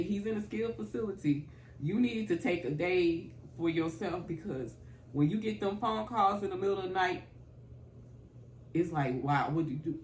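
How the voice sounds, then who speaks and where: A middle-aged woman, a family caregiver, telling her story in an emotional interview. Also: on the low side. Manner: emotional, rising to tearful and loud when recounting. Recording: echoey room, mic at a distance, faint background noise.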